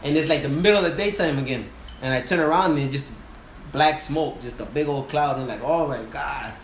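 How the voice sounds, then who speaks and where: A man who works as a wildland firefighter and sawyer, telling a story in casual conversation. He is animated and profane, and he acts out the voices of the people he quotes. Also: on the high side, fairly quick. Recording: roomy with faint noise.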